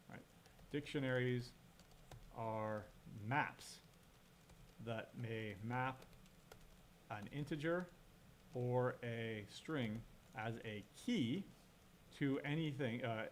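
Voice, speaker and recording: A man's voice: mid-range voice, creaky, slight background noise. A man lecturing on programming while he codes, thinking aloud, correcting himself and asking the class questions. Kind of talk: live-coding lecture.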